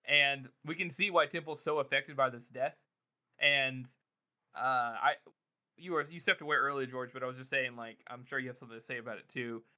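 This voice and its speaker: Podcast co-host, male, bright tone, earnest and loose, fond of fillers. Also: medium pitch, brisk. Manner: earnest, rambling, with many "like" fillers. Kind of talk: casual book discussion.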